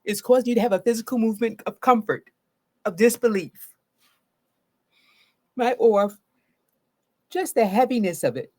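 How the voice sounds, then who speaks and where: A woman's voice: on the high side, lively intonation, moderate pace, long pauses, warm tone. A middle-aged woman therapist giving a live solo talk about trauma. She speaks earnestly and often checks in with "right?".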